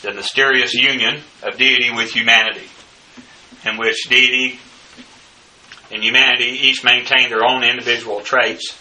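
A man teaching a bible study, working through numbered points in a halting way full of filler sounds. His voice is very bright and cutting. He sounds set back from the mic, with a faint hiss of noise behind him. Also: mid-range voice, recorded from a distance, poor audio. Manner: halting, many filler uhs. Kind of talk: bible study lecture reading numbered notes.

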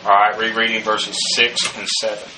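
Guy going thru greek bible words letter by letter, lots of uhs, low flat voice, sounds far off in an echoey room. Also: moderate pace. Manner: spells out Greek words letter by letter, many "uh" fillers. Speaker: Bible teacher. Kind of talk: verse-by-verse Greek word study. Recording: echoey room, voice from a distance, faint hiss.

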